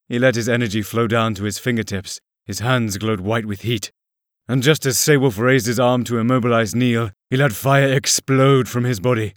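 A man narrating fiction aloud in a steady, clear storytelling manner. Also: mid-range voice, moderate pace, dry recording, studio quality.

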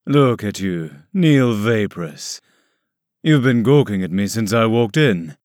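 A man voicing a cold, menacing emperor who speaks slowly and mockingly. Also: lowish voice, animated, a little mellow, no room sound, clean studio sound.

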